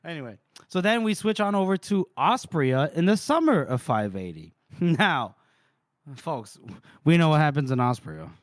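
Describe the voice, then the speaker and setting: A man co-hosting a casual book podcast, excitable and laughing often as he recaps the story. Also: fairly high pitch, normal speed, no echo, studio quality. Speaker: podcast co-host.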